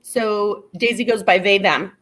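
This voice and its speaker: A woman who is a guest on a casual online talk show, enthusiastic and quick to agree. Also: medium pitch, fairly even intonation, a bit bright. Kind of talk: casual chat.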